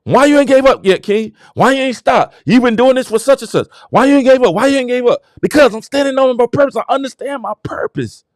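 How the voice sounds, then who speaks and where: A man's voice: very high-pitched, fast, few pauses, dry recording, clean studio sound. A man hosting his own show, talking in a casual motivational monologue that turns preachy and exclamatory as he hypes himself up. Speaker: show host.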